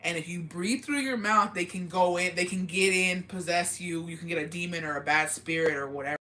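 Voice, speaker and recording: A woman's voice: fairly low pitch, brisk. A woman hosting a casual livestream chat, telling stories animatedly, swearing freely and laughing often. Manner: animated storytelling with lots of fillers. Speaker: livestream host. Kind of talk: casual livestream chat, reading viewer comments.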